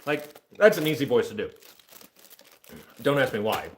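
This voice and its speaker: A man's voice: mid-range voice, very animated, normal speed. Joking man in his thirties rambling. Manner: joking, self-deprecating, easily distracted. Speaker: livestreamer. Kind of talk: casual rambling livestream chat.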